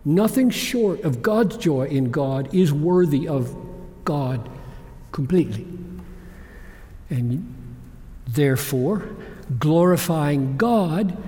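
A man preaching a sermon in a fairly high voice, slow and deliberate. He swings between loud exclamations and hushed whispers. His voice rings with a long reverb, as in a large church sanctuary. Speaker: pastor.

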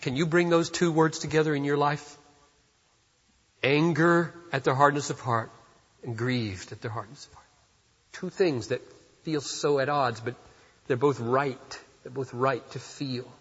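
A man preaching a sermon as pastor, moving from hushed, slow reflection to loud, emphatic passages. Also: mid-range voice, fairly even intonation, slightly rough. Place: church sanctuary. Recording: dull reverberant church hall.

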